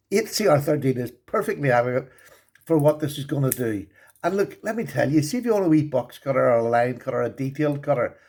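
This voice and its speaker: A man's voice: medium pitch, darkish tone. A man giving a casual show-and-tell review of his collection, enthusiastic and chatty, often repeating his praise.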